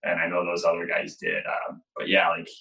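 A goalie coach chats casually in an echoey room, his very low voice still bright and forceful. He talks fairly quickly in a loose, relaxed storytelling style packed with "like" and "you know," and the audio sounds dull.

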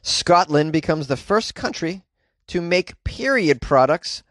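A man's voice: on the high side, lively intonation, a little slow, a bit bright, no echo, clean studio sound. A man casually commenting on a news story in an offhand, wry way.

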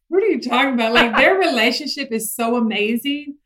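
A middle-aged woman chatting casually about parenting, telling stories lively and acting out her kids' voices. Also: a little high, a little fast, few pauses, poor audio. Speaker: guest parent.

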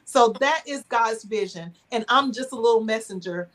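Earnest, sermon-like woman, slightly high. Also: normal speed, fairly bright tone. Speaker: event organizer and visionary. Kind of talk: faith-based speech on a podcast.

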